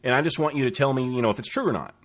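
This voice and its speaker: A man hosting a casual interview, eager and excited, often stopping and restarting his questions. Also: mid-range voice. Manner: eager, halting with many restarts. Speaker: host.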